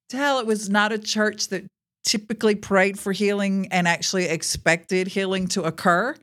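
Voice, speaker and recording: A woman's voice: mid-range voice, steady tone, moderate pace, fairly bright tone. A woman telling a personal faith testimony in a podcast, speaking earnestly and addressing her listeners directly. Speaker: Christian speaker sharing a testimony.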